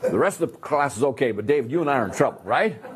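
A man teaching a Bible class in a lively way, acting out the characters and often repeating himself. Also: mid-range voice, quick pace, crowd noise. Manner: animated, acts out characters, repeats words.

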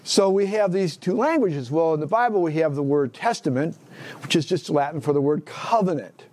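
A man's voice: on the high side, moderate pace, a little mellow. A man teaching a Bible class in a conversational way, asking the class questions, echoing their answers and restarting phrases as he thinks aloud.

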